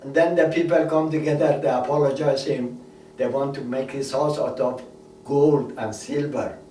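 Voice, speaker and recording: A man delivers a sermon, retelling a story at a middling pitch and leaning on repeated words. He stands a little away from the microphone. The room rings with echo, and a faint ambient hum sits behind him. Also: steady tone, normal speed, warm tone. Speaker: preacher. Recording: echoey room, voice a bit far from mic, faint ambience.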